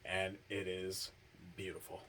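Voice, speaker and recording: A man's voice: sits low, little pitch movement, measured pace, bright, forceful tone. A man casually recapping a horror movie's plot in a laid-back, profane way.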